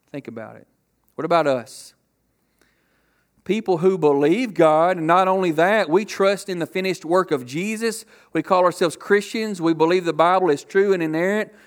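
A man preaching a sermon to a congregation, asking rhetorical questions and acting out loud quotes. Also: high voice. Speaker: pastor.

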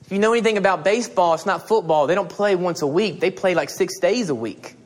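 A middle-aged male pastor delivering a sermon in a high, light voice. He tells stories with energy and acts out the conversations in them. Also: quick pace. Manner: animated storytelling, acting out dialogue.

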